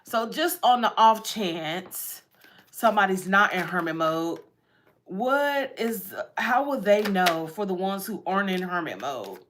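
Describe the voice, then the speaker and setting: A woman's voice: medium pitch, animated, measured pace, a bit bright, a little hiss or hum. A woman giving a casual tarot reading, chatty and repetitive, often breaking into laughs. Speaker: tarot reader.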